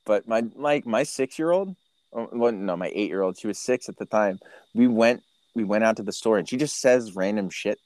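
A man in his thirties hosting a podcast, telling stories in a casual, animated way, swearing and acting out what people said. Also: fairly low pitch, moderate pace, dry recording. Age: 30s. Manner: animated storyteller, swears, acts out quotes. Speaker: podcast host. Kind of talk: casual chat.

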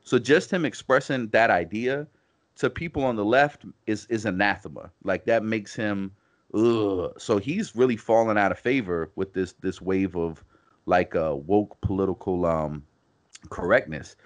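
A man with a fairly low voice chatting on a podcast in loose, meandering stretches. He circles back on his points, peppering them with "you know" and false starts. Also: a little slow. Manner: rambling, full of "you know" and restarts. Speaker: podcast co-host. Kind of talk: casual conversational podcast chat.

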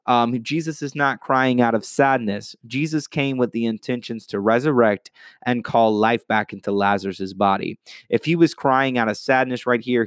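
A man's voice: mid-range voice, smooth, no echo. A man hosting a podcast, preaching with casual enthusiasm. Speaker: podcast host.

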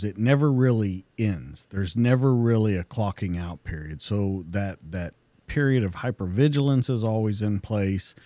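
A man's voice: lowish voice, mellow, no room sound. A man hosting a podcast, asking thoughtful, winding questions of his guest. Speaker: podcast host. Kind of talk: interview questions. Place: podcast studio.

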